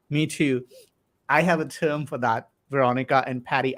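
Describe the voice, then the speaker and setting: A man's voice: on the high side, steady tone, a little slow, fairly bright tone. A man hosting a live-streamed interview, chatty, reading out viewer comments and asking questions. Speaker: host.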